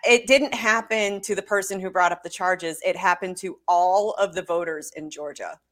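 A woman's voice: on the low side, normal speed, fairly bright tone. A woman co-hosting a political talk show, speaking firmly and with indignation. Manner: firm, indignant. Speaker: co-host.

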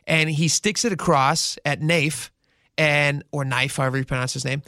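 A man with a fairly high, bright voice spins a news story on talk radio and acts out every quote. The sound is close and dry, with no room around it. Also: fairly even intonation, fairly quick, dry recording. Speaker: radio show host.

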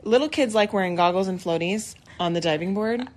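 A woman's voice: mid-range voice, fairly quick. A middle-aged woman co-hosting a podcast, telling a story in casual chat and acting out the people she quotes. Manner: animated storyteller, acts out quoted voices. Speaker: podcast co-host.

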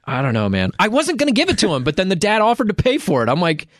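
A man's voice: high voice, wildly swooping pitch, fast, no room sound, clean studio sound. A man co-hosting a podcast, telling a story in casual chat and acting out the other people in it. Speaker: podcast co-host.

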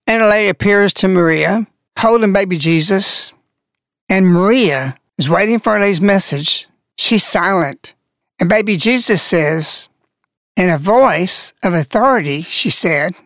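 A radio host giving an earnest devotional talk, slowing down to stress key words. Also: medium pitch, lively intonation, a bit bright, no echo, studio quality.

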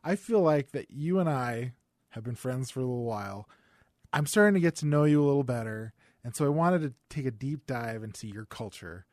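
A man co-hosting a podcast in a relaxed, enthusiastic casual chat. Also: mid-range voice, brisk, no room sound, studio quality. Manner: relaxed, enthusiastic, laughs easily. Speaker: podcast co-host.

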